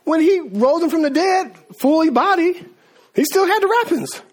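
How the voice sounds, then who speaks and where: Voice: extremely high pitch, lively intonation, normal speed. Preacher, sermon, casual slang, repeated words, laughing asides.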